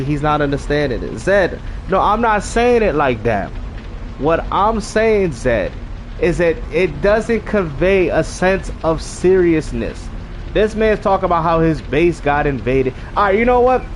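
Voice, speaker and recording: A man hosts casual gaming commentary in a lively, slangy style, repeating words as he pushes his point. His voice sits high and bounces across a wide range. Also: a little hiss or hum. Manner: animated, slangy, repeats himself. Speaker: gaming channel host.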